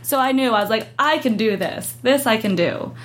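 A young adult woman chatting as an interview guest, animated, acting out quoted voices as she tells her story. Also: a little high, moderate pace, a little hiss or hum. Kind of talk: casual interview chat.

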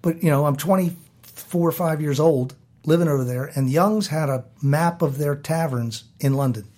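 Animated American man telling a story. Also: fairly high pitch, normal speed. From South Baltimore, USA. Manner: animated storyteller who acts out quoted voices. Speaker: guest. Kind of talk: storytelling interview.

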